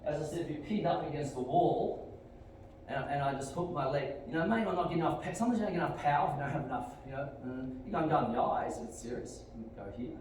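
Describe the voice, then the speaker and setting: Echoey Australian martial arts instructor barking commands. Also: male voice, a little high, quick pace. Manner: energetic, barks sharp commands and kiai shouts between explanations. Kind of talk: teaching a martial arts class. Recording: very echoey hall, distant mic, faint room noise.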